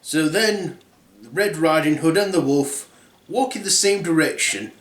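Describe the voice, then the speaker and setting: A man's voice: on the high side, a little slow, fairly bright tone. A man telling a comic fairy tale in a casual, crude, rambling way. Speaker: storyteller. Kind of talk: comic storytelling. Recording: roomy echo.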